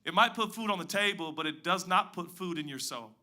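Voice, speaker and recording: Male pastor, sermon delivery, very bright tone, slightly high voice, big swings from loud to hushed. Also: expressive, fairly quick. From Pacific Northwest. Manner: dynamic preaching, swings from loud emphatic highs to hushed low asides.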